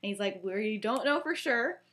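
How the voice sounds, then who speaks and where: A woman's voice: mid-range voice, lively intonation, normal speed, fairly bright tone. A young woman casually retelling a story on a podcast, chatty and full of "he's like" quotes. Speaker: podcast co-host.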